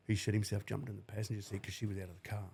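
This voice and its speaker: Gravelly, blunt man in his forties. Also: on the low side, little pitch movement, very fast, a little mellow. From New Zealand. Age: 40s. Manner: blunt, profane storytelling. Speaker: guest. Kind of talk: emotional personal account.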